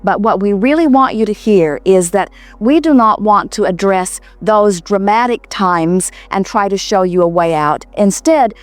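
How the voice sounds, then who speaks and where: A woman giving an inspirational talk to a live audience, speaking as a collective "we" in a calm, reassuring way with repeated phrases. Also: medium pitch, measured pace, hardly any pauses, dry recording, faint music behind. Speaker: seminar speaker answering audience questions.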